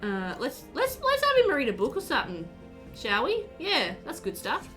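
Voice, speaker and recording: Female streamer with a South Australian accent, lively and animated, casual and chatty. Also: sits high, normal speed, soft background music. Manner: chatty, reads chat aloud, laughs often. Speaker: game streamer. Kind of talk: casual live-stream chat.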